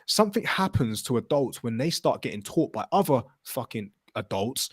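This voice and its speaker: A man hosts a casual podcast, talking with energy and the odd swear word. He tells stories and acts out quotes, his pitch jumping around. His voice sounds dry and close to the mic. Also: normal speed, slightly rough, no echo. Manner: animated, swearing, storytelling with acted quotes. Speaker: podcast host.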